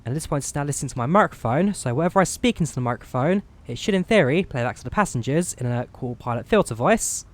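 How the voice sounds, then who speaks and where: A man from the UK giving relaxed, chatty commentary while flying a flight simulator, explaining each menu as he clicks through it on a headset mic. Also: on the high side, fast, hardly any pauses. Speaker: flight sim streamer. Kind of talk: casual gameplay commentary.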